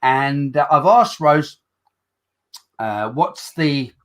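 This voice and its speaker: A man's voice: a little high, animated, extremely slow, a bit bright. A man with a Black Country accent hosting a casual talk show, theatrical and upbeat. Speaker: host. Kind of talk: casual chat.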